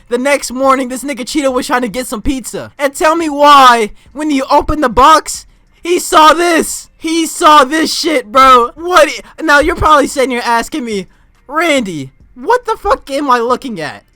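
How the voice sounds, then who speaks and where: A young man with a high, bright voice tells a story in a loose vlog rant. He is excitable and profane, and he keeps jumping into shouts. The sound is close and dry. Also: normal speed, no echo. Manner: excitable, swears often, bursts into shouts and laughter. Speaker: vlogger.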